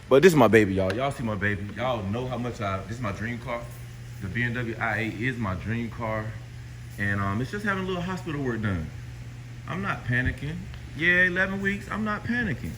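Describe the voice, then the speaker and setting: A man talks casually to his viewers from a car service shop, drawling and tacking "man" onto almost every phrase. His voice sits mid-range but swings from low muttering to high excited exclaims. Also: slight background noise. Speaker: car vlogger. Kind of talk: casual vlog talk to viewers. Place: car dealership service area, then in a car.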